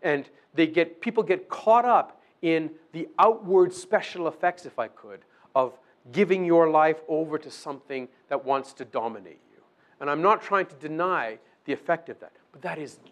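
A male preacher delivering a sermon in a loose, conversational way, often asking his listeners "okay?". His voice sits a little high and swoops up and down with lively intonation. He briefly acts out little exchanges to make his point. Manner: acts out short dialogues with the accuser. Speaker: pastor.

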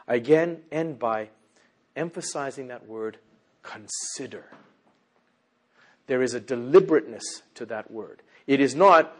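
Animated husky-voiced male preacher. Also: a little slow. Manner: animated preaching, swinging from loud emphasis to hushed low tones. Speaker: pastor. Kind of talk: sermon.

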